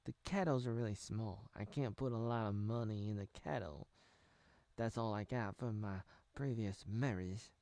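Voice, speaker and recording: A man's voice: lowish voice, normal speed, a little mellow, no room sound, natural voice. A man voicing a broke, divorced former duchess who rambles through her complaints in a raised, whiny voice. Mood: complaining.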